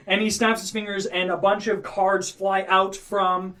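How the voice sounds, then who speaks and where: A man's voice: high-pitched, steady tone, normal speed, hardly any pauses, sharp tone, distant mic. A man narrating a tabletop game as game master, in a loose, chatty way full of fillers.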